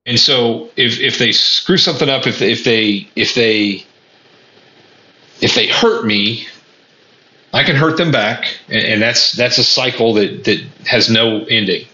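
A man's voice: medium pitch, lively intonation, a little slow, sharp tone. A man talking earnestly straight to the viewer about lessons he has learned, often stumbling and repeating words as he thinks. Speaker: vlogger. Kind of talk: reflective personal monologue. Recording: echoey room, dull lo-fi sound.

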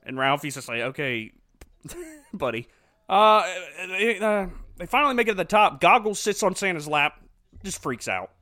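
This is a man with a high, bright, forceful voice, recapping a movie in casual chat. He tells the story animatedly and laughs often. The sound is close and dry, with no room echo. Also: very animated, normal speed. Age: adult father.

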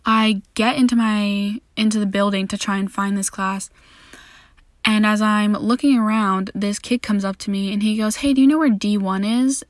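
A young woman with a mid-range voice hosts a podcast, speaking at a normal pace in a steady tone. In a casual monologue, she tells a candid, self-deprecating, sweary story about her first day of college. The studio recording is clean, with no room sound.

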